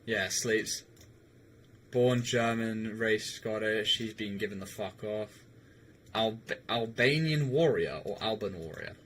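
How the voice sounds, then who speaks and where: While livestreaming a game, a young man talks loosely with his audience, rambling, stammering and cursing. He speaks slowly in a lowish, slightly bright voice over faint background noise.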